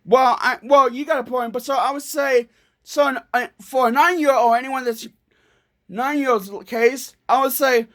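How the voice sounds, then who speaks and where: A woman's voice: high-pitched, steady tone, a bit bright. A woman ranting angrily to camera in a vlog, swearing often and stumbling over restarts. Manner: angry, profane, halting with restarts. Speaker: vlogger.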